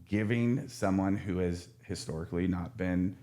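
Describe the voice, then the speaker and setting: Man, addiction counselor; deep voice, frank and earnest, lots of restarts. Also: normal speed, dark tone. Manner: earnest, frank, with many restarts and casual swearing. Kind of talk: casual podcast conversation.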